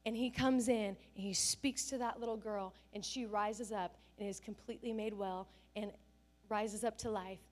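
A woman's voice: mid-range voice, moderate pace. A middle-aged woman pastor giving a sermon, telling family stories and acting out the people she quotes. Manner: animated storytelling, acts out family scenes and quotes with bursts of laughter.

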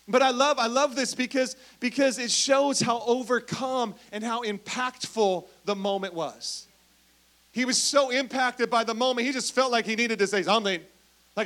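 A pastor with an extremely high, slightly bright voice preaches a sermon playfully, like a storyteller. He often calls out questions to the congregation, inviting their responses.

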